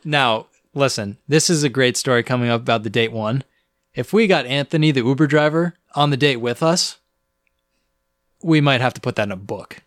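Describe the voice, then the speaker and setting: A man's voice: mid-range voice, moderate pace, no room sound. Young guy cohosting a podcast, chatty storytelling, stumbles and restarts a lot, dry close mic. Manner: animated, restarts often. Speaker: podcast co-host. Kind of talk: casual storytelling chat. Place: Boston area.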